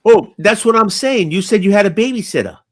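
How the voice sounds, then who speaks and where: A man's voice: sits high, animated, fairly quick. A man in casual chat who interrupts with questions and repeats himself.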